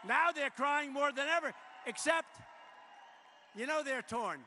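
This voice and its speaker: Older guy shouting a rally speech, bragging over and over, echoing big hall, faint hiss behind. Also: very high-pitched, a little slow, long pauses, a faint crowd. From United States. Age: 70s. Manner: boastful, repetitive, bursts into shouting. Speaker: president addressing a rally. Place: large arena. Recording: long hall reverb with faint noise.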